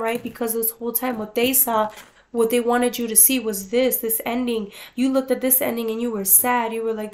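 A woman with a fairly high voice gives a casual tarot reading to her viewers. She talks in an animated, playful way, swearing freely and often laughing. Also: fairly quick. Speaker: tarot reader.

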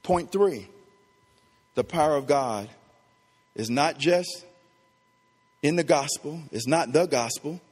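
A middle-aged man preaching a sermon, swinging between soft talk and loud emphasis, with casual asides to the congregation. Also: fairly high pitch, animated, slow pace, long pauses, breathy edge, long reverb tail. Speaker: pastor. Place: church.

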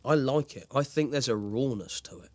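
A man's voice: medium pitch, normal speed, lightly acted. Guy doing a vain pompous horror writer, medium voice, full of himself. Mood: grandiose. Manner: self-important, pompous. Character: grandiose vain male horror writer and star. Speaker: series creator and writer. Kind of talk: mock documentary interview.

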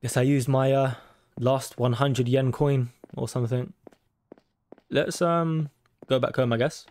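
A man's voice: medium pitch, fairly even intonation, unhurried, a little mellow. A man playing a horror game on his channel, swearing constantly, reacting jumpily and reading game text aloud. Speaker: gaming YouTuber. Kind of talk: horror game let's play commentary.

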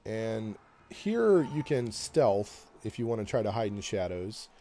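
A man giving relaxed gameplay commentary, thinking aloud and reading game text as he plays. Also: on the low side, a little slow. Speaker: gameplay host.

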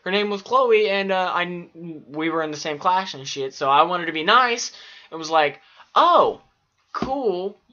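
A man's voice: on the high side, normal speed, sharp tone, dull audio. A man telling profane, rambling stories from childhood in a casual vlog. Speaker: vlogger. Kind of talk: casual storytelling.

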